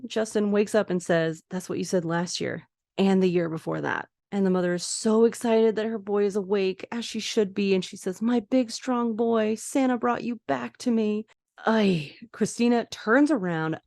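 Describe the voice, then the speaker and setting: A woman's voice: fairly low pitch, dry recording, studio quality. Woman recapping a TV episode. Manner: animated, acts out quoted lines. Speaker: podcast host.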